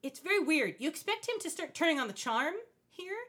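A woman co-hosting a podcast, recapping a show in an animated, expressive way with frequent laughs. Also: high-pitched, a little fast. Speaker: podcast co-host. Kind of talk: casual chat recapping a TV show.

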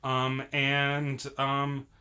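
A man's voice: mid-range voice, completely flat delivery, very slow, bright, forceful tone, clear, resonant tone. A man in casual chat recapping an anime episode, rambling with many fillers and restarts. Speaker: podcast co-host.

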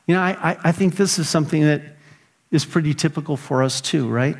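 Animated middle-aged male pastor preaching. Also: fairly high pitch, fairly quick, gravelly. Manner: animated preaching, voices his own pleading prayers and grumbles. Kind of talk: sermon.

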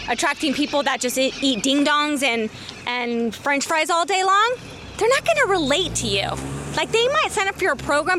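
With a high voice and a little background noise, a woman strolls outside through her neighborhood recording a motivational vlog. As a business coach she addresses viewers in a casual, emphatic way, letting curses fly when she's excited.

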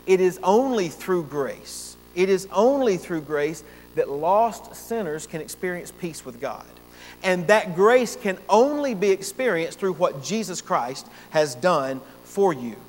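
A man's voice: high-pitched, lively intonation, a little slow. A man preaching a sermon as pastor, earnest and emphatic, repeating phrases for stress. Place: church sanctuary. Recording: long church reverb, faint hum.

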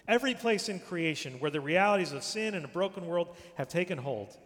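Male preacher with a slightly high voice, emphatic and repetitive, dropping to a hush on key words; recorded with long church-hall reverb. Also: animated, fairly quick. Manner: emphatic, repeats phrases, drops to a hush at line ends. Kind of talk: sermon.

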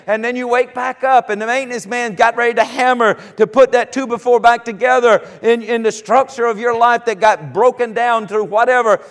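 A man's voice: very high voice, long reverb tail. A male preacher giving a sermon, telling homely stories and building to fervent declarations. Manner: folksy storytelling, rising to fervent declarations.

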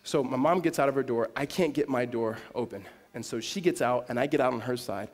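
Pastor preaching in a reverberant hall. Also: male voice, a little fast. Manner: storytelling, swings from hushed to loud and high. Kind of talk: sermon.

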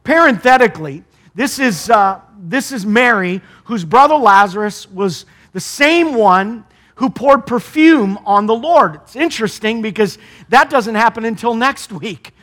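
Middle-aged guy pastor preaching, high bright voice, chatty, keeps asking the crowd stuff. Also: expressive, unhurried. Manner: conversational preaching with rhetorical questions. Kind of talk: sermon.

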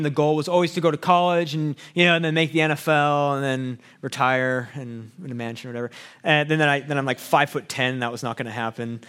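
A man's voice: medium pitch, fairly bright tone, clear, resonant tone. A young man from Canada, a student pastor, telling a personal faith story in an earnest, conversational way with frequent fillers and restarts. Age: young adult. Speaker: pastoral student sharing testimony. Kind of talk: personal testimony talk.

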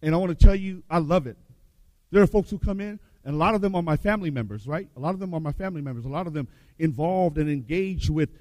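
A man preaching a revival sermon, emphatic, repeating his phrases and swinging between loud and hushed. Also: a little high, lively intonation, fast talker, no echo. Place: church hall with baptism tank.

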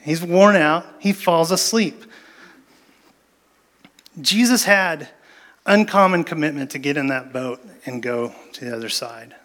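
A man with a fairly high voice preaching a sermon. He tells the story with energy, jumping into acted-out lines from the people in it. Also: unhurried, long pauses. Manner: animated storytelling with acted-out quotes. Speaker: pastor.

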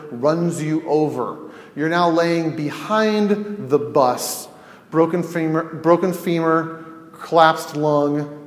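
A male counselor teaching in a conversational way, telling scenarios and asking rhetorical questions. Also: on the high side. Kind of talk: teaching podcast talk. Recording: echoey room with long reverb.

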